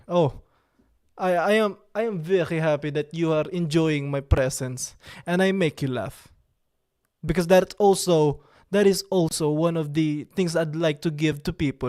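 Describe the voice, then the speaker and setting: A man hosts a livestream in a slightly raised voice. He chats with viewers in a playful, preening, mock-serious way, with halting, broken sentences and stray French words. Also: fairly high pitch, a little mellow. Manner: drops in occasional French words. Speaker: livestream host. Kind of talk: casual livestream chat with viewers.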